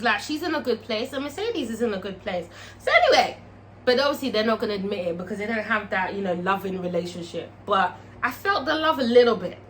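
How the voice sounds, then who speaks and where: A woman casually recapping a TV episode, animated, swearing and checking in with the viewer. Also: high-pitched, slight background noise. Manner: animated, frequent swearing, checks in with "all right?". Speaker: TV show reviewer.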